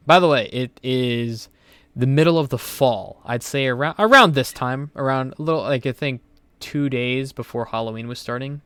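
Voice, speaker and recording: A man's voice: medium pitch, a bit bright, smooth, no room sound. A young man hosting a podcast, telling stories in a rambling, profane way full of fillers. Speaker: podcast host. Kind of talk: casual podcast chat.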